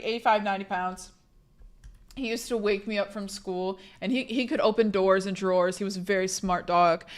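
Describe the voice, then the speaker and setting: A young woman talks casually to her stream chat from a home desk mic. She rambles in loose, chatty runs, restarts her sentences and swears freely, at an everyday mid pitch. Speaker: livestreamer.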